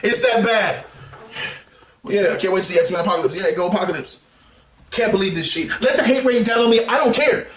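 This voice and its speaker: Guy with a high voice ranting hard about a movie, laughs and yells a lot, kinda echoey room. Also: a little fast. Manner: animated, exasperated ranting with frequent laughs and sudden shouts. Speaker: YouTube movie reviewer. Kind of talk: heated movie review rant.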